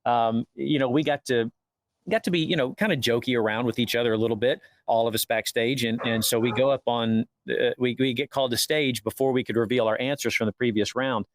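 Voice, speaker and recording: Fast-talking man telling backstage stories. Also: medium pitch, dry recording. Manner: animated, acts out quoted dialogue. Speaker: actor guest. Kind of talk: casual storytelling interview.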